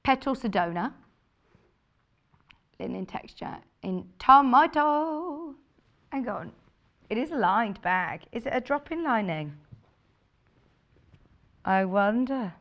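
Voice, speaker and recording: A woman's voice: mid-range voice, animated, a little slow, pauses often, lo-fi sound. A woman presenting sewing kits on a live shopping channel, chatty and bubbly, thinking aloud as she shows the fabrics. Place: TV studio.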